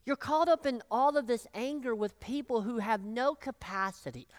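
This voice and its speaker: A pastor preaching a sermon, acting out the voices of the people in the story, choked up and clearing their throat. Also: medium pitch, normal speed, no echo, clean studio sound. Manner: animated, acts out voices of biblical figures.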